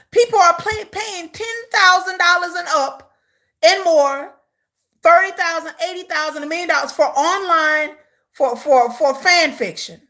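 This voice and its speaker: Woman, 30s, high bright voice, animated incredulous rant, live-stream commentary. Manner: animated, incredulous ranting with frequent repeats and laughs. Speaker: reaction streamer.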